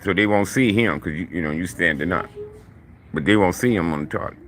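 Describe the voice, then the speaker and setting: A middle-aged man telling stories casually in a profane, slangy, animated way. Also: low-pitched, brisk, a little hiss or hum. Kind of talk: casual storytelling.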